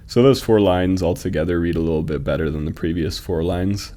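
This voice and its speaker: A man casually critiquing submitted poems, thinking aloud with fillers and restarts and reading verse lines slowly to test their stresses. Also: low voice, warm tone. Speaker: host reviewing fan poetry submissions.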